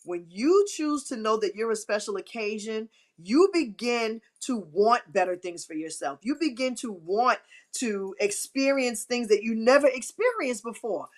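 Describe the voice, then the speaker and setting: A woman's voice: a little high, lively intonation, a little slow. A middle-aged woman hosting a live stream, giving emphatic, repetitive, churchy encouragement. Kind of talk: inspirational live-stream talk.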